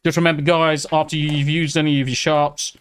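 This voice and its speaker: Excitable, swearing British man streaming. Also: fairly high pitch, a little fast, smooth. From United Kingdom. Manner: excitable, swears freely, talks while eating. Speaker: live streamer. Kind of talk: casual live-stream chat, reading out chat.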